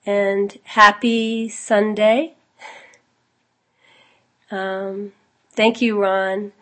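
A woman with a cold and a low, husky voice, hosting an online spiritual gathering in a casual, chatty way with many fillers. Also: flat delivery, extremely slow, bright, forceful tone. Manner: chatty, informal, with frequent fillers and small laughs. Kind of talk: casual address to an online group.

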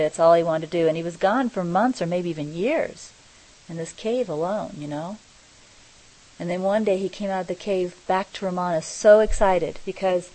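A middle-aged woman giving a reflective spiritual talk, speaking slowly and softly with many pauses. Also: fairly low pitch, rough recording. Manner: slow, soft, pausing and searching for words. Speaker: spiritual teacher.

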